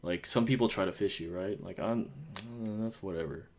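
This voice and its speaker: A man's voice: fairly low pitch, normal speed, a little mellow. A young man from the United States telling stories in a casual podcast chat, rambling with lots of fillers and acting out quotes. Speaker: podcast host.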